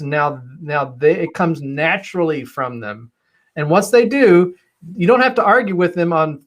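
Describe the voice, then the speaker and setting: A man's voice: a little high, fairly bright tone. A man on a webinar panel giving emphatic, persuasive answers about agile leadership, often repeating words as he starts a thought.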